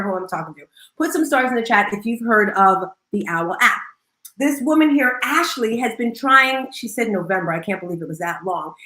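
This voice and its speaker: Bubbly high-energy woman host. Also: fairly bright tone, echoey room, rough recording. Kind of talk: live audio room talk.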